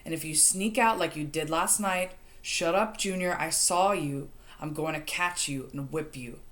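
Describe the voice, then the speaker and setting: A woman's voice: low-pitched, normal speed, fairly bright tone. A woman voicing a bossy teenage boy. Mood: commanding. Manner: commanding, urgent. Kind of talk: audiobook reading.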